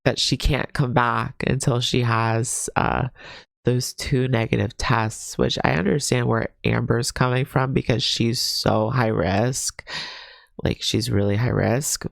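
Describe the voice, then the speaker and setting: A young man talks through an online drama reaction with a stuffy, congested voice. His tone has a gravelly fry and sits in a dry, close recording. He rambles in a chatty, gossipy way with plenty of fillers. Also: medium pitch, little pitch movement, a little slow, fairly bright tone, no echo. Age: young adult. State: stuffy, under the weather. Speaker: drama commentary host. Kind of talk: reaction commentary.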